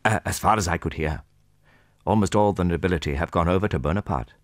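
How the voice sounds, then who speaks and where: A man voicing an eager, awkward young man who speaks hesitantly and softly in an audiobook reading. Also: low voice, fast talker, dry recording, studio quality, natural voice. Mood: earnest. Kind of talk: audiobook character voice.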